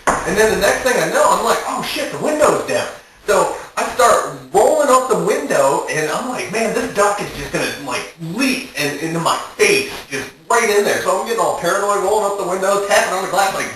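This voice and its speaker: A young man vlogging, telling a comic story in an excitable way and acting out his own panicked reactions. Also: sits high, normal speed, heavy reverb, far from the mic, slight background noise, poor audio. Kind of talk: animated storytelling monologue.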